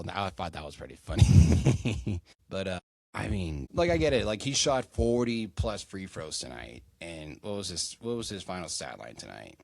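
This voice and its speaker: A man's voice: low-pitched, very animated, normal speed, gravelly, a little mellow, no echo. A young man hosting a solo sports podcast, rambling casually with lots of fillers and swearing. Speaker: podcast host.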